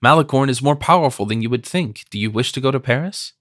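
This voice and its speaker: A man reading an audiobook, voicing a lively young woman who coaxes and teases her friend. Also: medium pitch, quick pace, no echo, clean studio sound, natural voice. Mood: coaxing. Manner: coaxing, insistent.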